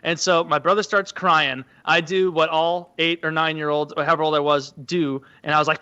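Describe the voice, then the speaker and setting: A man casually telling a childhood story on a podcast, animated and acting out the quotes in a high voice. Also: brisk, few pauses, smooth. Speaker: podcast co-host.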